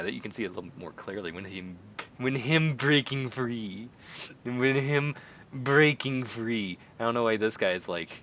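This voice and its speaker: An excitable American man rambles through casual stream commentary, dropping to near-mumbles and then jumping to loud bursts. His voice is bright and forceful. The recording sounds a bit dull, with a faint rumble underneath. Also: vocal fry. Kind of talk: casual commentary while browsing online.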